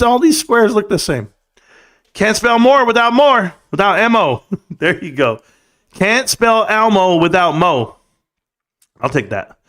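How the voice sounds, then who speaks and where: Male stream host with a slightly high voice, animated and scornful, chatting casually with viewers. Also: moderate pace. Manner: animated, ranting, mocking. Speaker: livestream host. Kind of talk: casual livestream chat reading comments.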